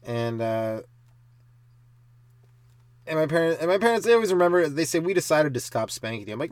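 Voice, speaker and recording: A man's voice: a little high, lively intonation, fast talker, long pauses, no room sound. A young man, a stand-up comedian from Canada, hosting a podcast and rambling through comic stories, swearing freely and acting out voices. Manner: swears freely, acts out voices, bursts of loud laughter.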